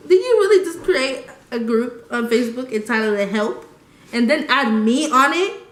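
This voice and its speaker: Young woman, higher pitch, slangy storytelling, echoey room. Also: normal speed. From United States. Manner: animated, laughing, slangy. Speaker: vlogger. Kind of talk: casual storytime.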